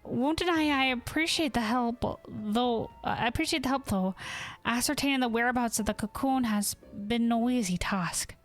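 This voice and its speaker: A woman voicing a poised, formal young woman on a search, with a British-leaning put-on accent and measured, proper speech while reading game dialogue aloud. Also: a little high, pitched above the performer's own voice, lightly acted. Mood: composed.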